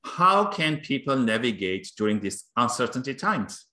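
Bright-voiced male host in a roomy space. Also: mid-range voice, big pitch swings, moderate pace. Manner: warm, affirming, many short yeahs. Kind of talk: interview conversation.

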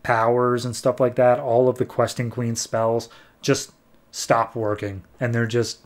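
Casual young man recapping a comic. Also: medium pitch. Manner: animated, slips into quick character voices when retelling dialogue. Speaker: podcast host.

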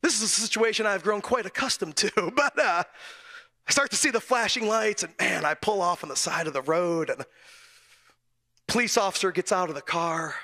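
Bright, high-voiced preacher telling a story. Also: male voice, normal speed. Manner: animated storytelling, frequent chuckles and self-corrections. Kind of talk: storytelling sermon. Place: church.

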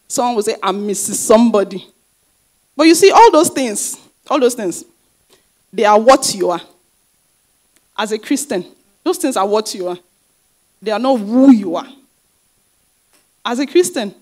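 A woman pastor delivers a sermon in a fairly high voice. She drives her points home by repeating phrases and asking rhetorical questions, then answering them herself. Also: darkish tone.

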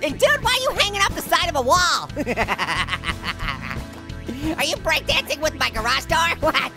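A hyper little cartoon gamer with no ears, all squeaky highs and wild swoops. He giggles nonstop and squeals at every silly moment, narrating gameplay in goofy bursts. Game music plays clearly behind him. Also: takes it slowly, heavily acted. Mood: giddy. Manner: giggles constantly, excitable squeals. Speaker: gaming host. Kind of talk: comedic gameplay commentary.

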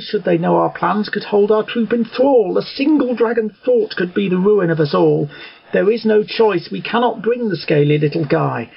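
A man's voice: high voice, vocal fry, slightly rough, muffled recording, heavily acted. A man voicing an earnest, bookish young female unicorn who leads her friends, in a recited storybook poem.

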